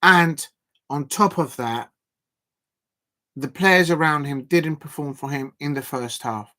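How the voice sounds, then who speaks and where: A man hosting a live football watch-along, ranting in an animated, exasperated way and often restarting his sentences. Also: fairly high pitch, takes it slowly. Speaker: football fan live-stream host. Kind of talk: casual watch-along commentary.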